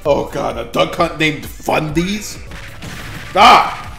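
A man giving excited gameplay commentary as a YouTuber, trash-talking and swearing, dropping to mutters and then bursting into shouts. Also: on the high side, slow pace, creaky, roomy sound, faint music behind. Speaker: gaming YouTuber.

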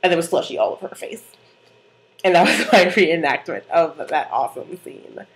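A young adult woman vlogging in a chatty, animated and frank way. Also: on the low side, moderate pace. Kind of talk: casual chat.

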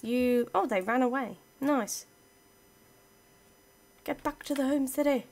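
A woman's voice: sits high, takes it slowly, creaky, a little mellow. A woman giving casual let's-play commentary, chatting playfully to her game units as she plays. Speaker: gaming channel host.

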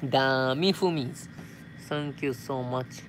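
A young Japanese man with a Japanese accent takes his time, reading viewer comments aloud at an unhurried pace on a casual live stream. His voice sits in an ordinary middle range for a man. He answers in simple English mixed with Tagalog words, over a faint hiss of background noise. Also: medium pitch. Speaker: vlogger.

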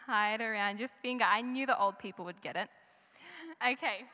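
A woman's voice: medium pitch, fairly quick, pushed and bright. A young woman giving a chatty children's talk in a church service, asking the audience questions. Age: young adult. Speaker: children's story presenter. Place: large church hall. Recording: live church recording with long reverb.

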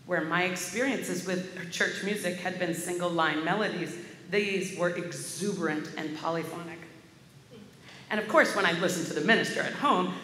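A woman's voice: fairly low pitch, fairly bright tone, slight background noise. A woman minister delivering a sermon as a vivid personal story. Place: large church sanctuary. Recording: echoey hall with faint ambience.

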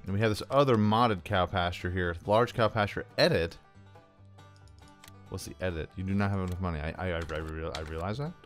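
A man's voice: low voice, fairly quick, soft background music. A man casually commenting on a farming game as he plays, chatting to himself and the game with jokey asides. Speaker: gameplay commentator.

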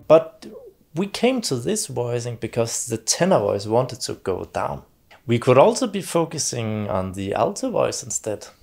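A man teaching piano and calmly explaining how voices in chords move, with frequent small fillers. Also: mid-range voice, unhurried, creaky. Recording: talk over loud piano music.

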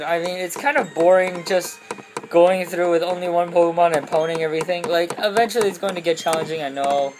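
A young woman giving goofy, rambling commentary over a video game, often breaking into loud squeals and silly voices. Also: on the low side, noisy background. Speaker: let's play commentator.

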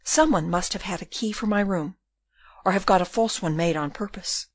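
A woman's voice: fairly low pitch, normal speed, slightly rough, no room sound, clean studio sound. A woman voicing a frightened, tearful young woman in an audiobook, pleading through sobs. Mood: distraught. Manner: sobbing, pleading.

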